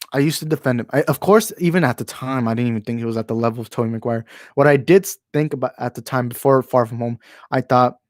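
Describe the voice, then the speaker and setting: A man's voice: medium pitch, brisk, dry recording. Rambling man chatting into a handheld mic. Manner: rambling, stumbling over words and restarting often; apologetic asides about his opinions. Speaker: channel host. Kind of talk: casual live-stream chat. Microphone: handheld microphone moved closer while talking.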